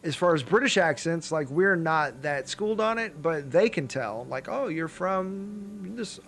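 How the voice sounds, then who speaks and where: Chatty Southern American man, higher voice. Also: animated, normal speed, a bit bright. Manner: rambling, lots of fillers and restarts. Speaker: podcast co-host. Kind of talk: casual chat.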